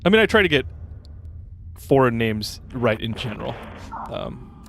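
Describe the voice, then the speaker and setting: A man's voice: medium pitch, sing-song, normal speed, creaky, a bit bright, slight background noise. A young adult man streaming a game, chatting casually with viewers and rambling with fillers and restarts. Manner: rambling, chatty, reads chat aloud, frequent fillers. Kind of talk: casual gameplay commentary.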